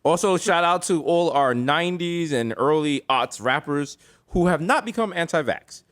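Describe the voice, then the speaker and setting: A man's voice: fairly high pitch, normal speed. A man in his thirties with a New York accent, a podcast co-host telling funny stories and slipping into put-on voices. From the Bronx, New York. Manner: animated, swings into put-on voices for bits. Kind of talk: casual comedic storytelling.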